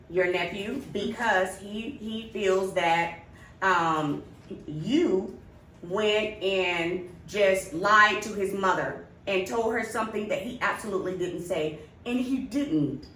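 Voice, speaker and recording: A woman's voice: mid-range voice, takes it slowly, fairly bright tone. A woman co-hosting a podcast, telling a family story in casual chat and acting out the quoted lines. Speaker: podcast co-host. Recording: roomy, distant mic, faint noise.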